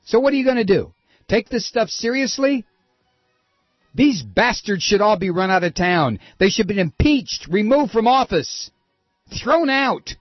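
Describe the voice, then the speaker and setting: A man's voice: sits high, animated, measured pace, no room sound, lo-fi sound, faint music behind. A man hosting a radio talk show, ranting with scornful, mocking commentary. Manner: scornful, mocking, rising to anger.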